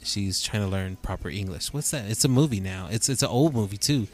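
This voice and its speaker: A middle-aged man co-hosting a podcast in casual chat, relaxed, with frequent affirmations and easy laughter. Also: lowish voice, brisk. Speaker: podcast co-host.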